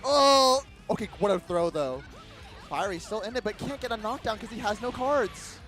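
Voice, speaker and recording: A man commentating a fighting game tournament, excitable and teasing, reacting quickly to the play. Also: sits high, faint music behind. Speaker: esports commentator.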